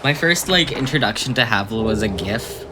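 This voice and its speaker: A man co-hosting a game stream, playful and excitable, laughing often in casual chat. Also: medium pitch, normal speed, noisy background. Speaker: co-host. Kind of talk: casual chat over gameplay.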